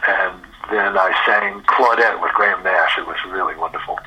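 An older male musician, a guest on a radio interview, telling animated anecdotes, acting out the dialogue, swearing and laughing as he goes. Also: low-pitched, moderate pace, slight background noise, low-quality recording. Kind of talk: storytelling interview chat.

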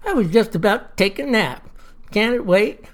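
A drowsy, grumbling old man in a told story, as a woman puts him on. He complains in a slow, cranky drawl. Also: mid-range voice, lively intonation, lightly acted.

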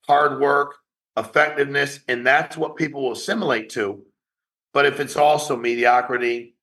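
Brash, bright-voiced business founder, a man. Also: mid-range voice. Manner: brash, profane, rapid-fire, challenging. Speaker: company founder addressing sales agents. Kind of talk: blunt motivational business talk. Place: online group meeting.

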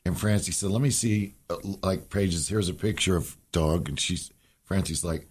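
A man's voice: low-pitched, normal speed, slightly rough. A man as a podcast guest, telling rambling, emotional stories in a folksy, casual way. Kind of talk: casual storytelling chat.

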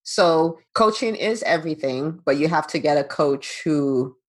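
A woman's voice: deep voice, expressive, unhurried. A woman hosting a podcast as a business coach, talking in an upbeat, encouraging way and laughing often. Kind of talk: casual interview chat.

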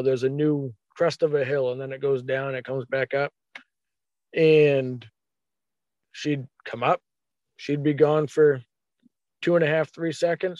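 Man, casual storytelling, somewhat high voice, dry close sound, muffled, acts out his thoughts. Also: no echo. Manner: animated, acts out his own thoughts in quotes. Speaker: hunter telling a story.

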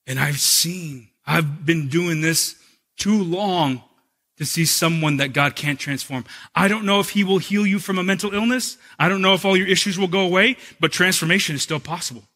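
A man preaching a sermon as a pastor, an animated storyteller who shifts from humor to earnest teaching. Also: high voice, moderate pace.

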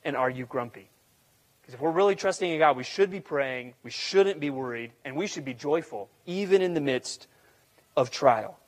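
A man's voice: on the high side, lively intonation, normal speed. A man, a pastor, preaching an earnest, conversational sermon and repeating his key questions. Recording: long hall reverb.

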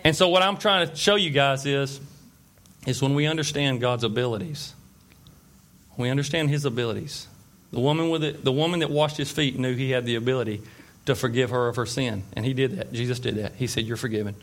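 A man's voice: mid-range voice, brisk, fairly bright tone. A man preaching an informal sermon, retelling scripture stories in a conversational way and checking in with his listeners. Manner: conversational storytelling with fillers and asides.

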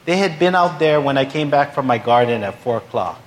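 A man's voice: mid-range voice, animated, fairly quick. A male pastor telling a humorous story in a sermon, acting out the voices of the people in it. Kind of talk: sermon anecdote.

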